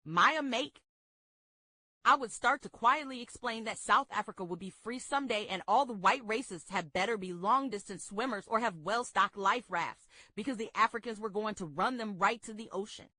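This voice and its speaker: A woman reading a memoir aloud at a book club in a steady, expressive way. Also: medium pitch, a little fast, few pauses, dry recording.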